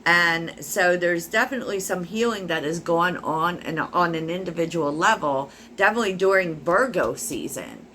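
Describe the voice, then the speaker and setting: A woman with a fairly low voice gives a casual tarot reading to her viewers. She muses aloud as she talks, with lots of fillers. A faint hum of room ambience sits behind her. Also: normal speed, few pauses, a bit bright. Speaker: tarot reader.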